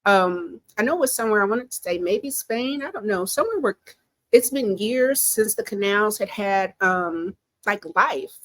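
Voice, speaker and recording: At normal speed and an everyday middle pitch, a woman offers chatty, opinionated pop culture commentary from her home. Her delivery is animated, and there's no room sound.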